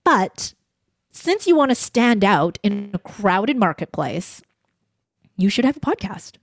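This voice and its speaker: A woman voice coach speaking in an interview with emphatic, drawn-out phrasing. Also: medium pitch, very animated, dry recording, clean studio sound. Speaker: voice and communication coach. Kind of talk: interview conversation.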